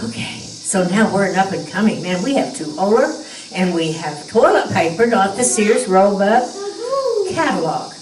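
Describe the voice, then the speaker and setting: An older woman telling a humorous childhood story in a folksy, animated way at a church gathering. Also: mid-range voice, moderate pace, a little hiss or hum. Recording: roomy, distant mic.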